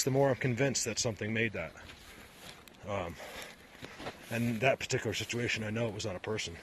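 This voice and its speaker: A man's voice: lowish voice, a little fast, pauses often, a bit bright, a little hiss or hum. Breathless man rambling on a forest walk. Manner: rambling, repeats himself, gets worked up. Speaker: vlogger searching for Bigfoot signs. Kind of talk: casual walking commentary. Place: outdoors in a forest.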